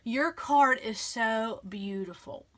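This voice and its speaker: A woman with a fairly high, slightly bright voice talks slowly as she hosts a relaxed scrapbooking vlog. She gushes and sounds grateful, chatting along with plenty of fillers and restarts.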